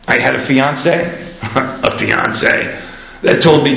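A man speaking candidly and with self-deprecating humor at a recovery meeting, growing animated when telling stories. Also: mid-range voice, measured pace, gravelly, slight background noise. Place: meeting room. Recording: echoey room.

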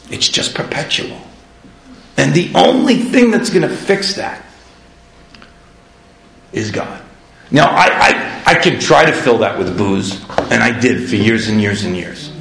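Man sharing at a recovery meeting, gravelly voice, echoey room, candid and self-mocking. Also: mid-range voice. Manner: candid, self-deprecating, rising animated at stories. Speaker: AA meeting speaker.

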